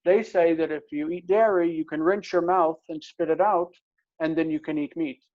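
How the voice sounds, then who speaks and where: A man teaching a casual Hebrew grammar lesson, explaining step by step and repeating words slowly. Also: fairly high pitch, steady tone. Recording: dull lo-fi recording.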